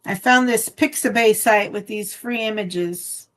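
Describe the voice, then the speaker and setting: A woman's voice: measured pace, a bit bright, poor audio. Chatty woman hosting a craft stream. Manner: chatty, breaks into high baby talk with her dog. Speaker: craft channel host. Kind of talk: casual live-stream chat. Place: home craft room.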